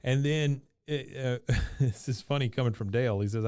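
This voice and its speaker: A man's voice: mid-range voice, normal speed, a little mellow, smooth, dry recording. A man co-hosting a podcast, casually recapping a cartoon episode, quoting lines and laughing often. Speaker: podcast co-host.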